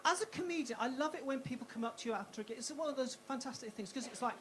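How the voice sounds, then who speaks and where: A woman's voice: sits high, expressive, very fast, slight background noise. A woman doing a stand-up comedy set on a club stage, brash and punchy with self-mocking asides.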